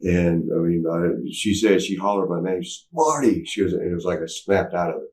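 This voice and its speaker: A man in his forties telling a candid story as an interview guest, rambling and halting with many restarts and fillers. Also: deep voice, little pitch movement, darkish tone. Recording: roomy echo, mic at a distance.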